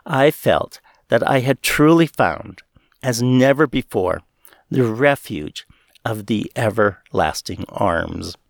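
A man narrates a memoir in an earnest, measured way, his pitch rising and falling expressively. The sound is dry and close, with no room around it. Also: expressive, gravelly, no echo. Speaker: reader.

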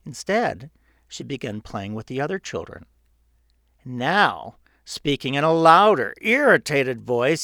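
A man reading his own book aloud in a measured, earnest narrating style. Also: medium pitch, sing-song, sharp tone, no room sound, studio quality. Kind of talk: audiobook narration.

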